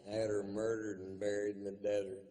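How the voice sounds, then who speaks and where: A middle-aged man doing stand-up, telling a story in a drawling, deadpan, profane way on a theater stage. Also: fairly low pitch, a little fast, very noisy. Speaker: stand-up comedian.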